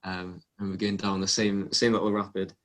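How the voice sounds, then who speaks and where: In a laid-back interview, a young English sportsman talks as the guest at a moderate speed. He spins his stories casually with frequent ums and restarts, his voice sitting somewhat low with fairly flat pitch.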